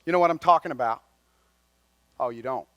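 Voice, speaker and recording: A man preaching a folksy, conversational sermon, swinging between loud and quiet. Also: mid-range voice, brisk, no room sound, dull audio. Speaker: lay speaker at a chapel.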